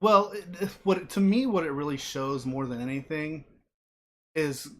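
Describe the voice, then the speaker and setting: A man's voice: fairly high pitch, lively intonation, moderate pace, a bit bright. A young man co-hosting a casual podcast, animatedly retelling a sketch, acting out quotes and laughing along. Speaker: podcast co-host. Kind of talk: casual chat.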